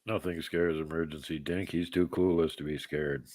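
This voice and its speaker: A man's voice: rumbling low, steady tone, normal speed, a little mellow. A man hosting a live show in casual chat, rambling and joking as he answers viewers' comments by name. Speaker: podcast host.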